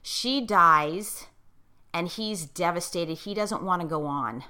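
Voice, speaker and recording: A middle-aged woman with a fairly low, sharp-toned voice speaks slowly in casual conversation. She talks like a coach, adding emphasis and checking in with her listener, and gets choked up telling a moving personal story.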